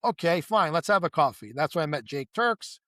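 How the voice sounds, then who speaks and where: A man's voice: fairly high pitch, a little fast, no echo, studio quality. A man, the guest in a casual conversation, telling long stories with many restarts and asides, acting out the voices of people he quotes. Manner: animated storyteller who acts out quoted dialogue.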